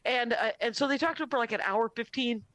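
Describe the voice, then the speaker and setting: Bright-voiced woman comedian telling a story. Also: on the high side, fast talker, no room sound. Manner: animated storyteller, quotes her dad in voices. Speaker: comedian guest. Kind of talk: casual storytelling on a podcast.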